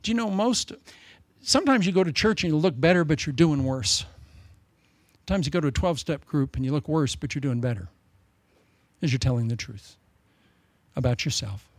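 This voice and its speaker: An older man preaching a sermon in a folksy, humorous way, swinging between loud emphasis and soft asides. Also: a little high, animated, a little fast, pauses often, no echo.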